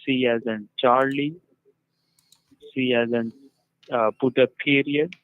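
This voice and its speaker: A man's voice: medium pitch, fairly even intonation, slow, dry recording. A man on a phone call as a call-center agent, insistently repeating step-by-step instructions.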